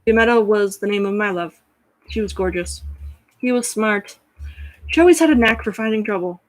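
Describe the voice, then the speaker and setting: A woman's voice: medium pitch, moderate pace, close to an everyday voice, poor audio. A woman voicing a kind male former arena fighter who speaks earnestly and comfortingly. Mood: wistful. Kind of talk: storytelling with character voices.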